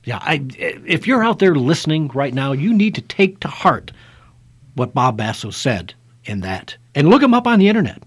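Husky, animated male radio host. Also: fairly high pitch, moderate pace. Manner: animated, restarts often, emphatic. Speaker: radio talk show host. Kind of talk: casual radio chat.

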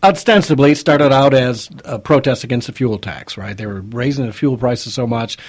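A man's voice: medium pitch, normal speed, breathy edge, no echo. A man hosting a talk radio show, chatting conversationally with many fillers. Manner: conversational, lively, with frequent fillers. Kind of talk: casual talk radio banter.

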